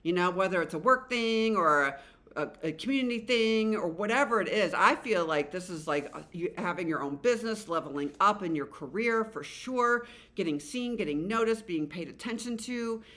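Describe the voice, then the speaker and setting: With a medium-pitched voice at normal speed, a middle-aged tarot reader works through a casual reading. She rambles, restarts often, fills gaps with filler words, swears offhandedly, and does animated voices to quote the cards.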